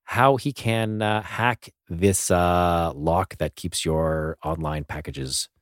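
A man's voice: low voice, fairly even intonation, slow, dry recording, clean studio sound. A man hosting the show, chatting casually with a joking, hesitant manner and frequent fillers. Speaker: host. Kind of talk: casual chat.

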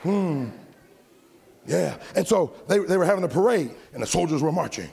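A pastor preaching a sermon to his church, moving from loud shouted lines to quiet aside remarks. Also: a little high, expressive, normal speed, gravelly, long reverb tail, slight background noise.

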